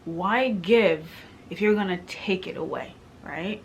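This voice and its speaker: A woman's voice: mid-range voice, slow pace, dull audio, slight background noise. A young woman from Kenya talking through her struggles with faith in a personal vlog, emotional and questioning, with many fillers. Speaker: vlogger.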